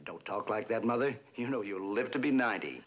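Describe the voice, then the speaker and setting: An actor playing an exasperated grown son in a 1960s TV drama, pleading and fretful. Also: male voice, fairly low pitch, lively intonation, fairly quick.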